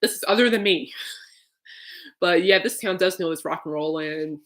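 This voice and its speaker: A woman's voice: lowish voice, normal speed, a bit bright. A woman hosting a podcast in casual, rambling chat, laughing often. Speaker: podcast host.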